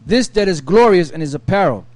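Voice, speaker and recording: A man reading scripture aloud in a steady, measured way during a Bible study. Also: high voice, dry recording. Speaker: scripture reader.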